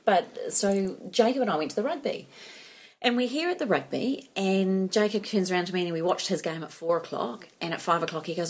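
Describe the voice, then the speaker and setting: A woman's voice: medium pitch, lively intonation, brisk, slightly rough. A middle-aged woman, co-hosting a casual chat and telling a story animatedly, acting out quotes and laughing often. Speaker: podcast co-host. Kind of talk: casual chat among friends.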